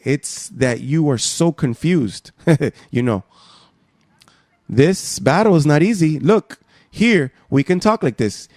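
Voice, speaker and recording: A man preaching a sermon, emphatic, swinging from soft asides to raised exhortations. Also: a little high, animated, takes it slowly, pauses often, dry recording, studio quality.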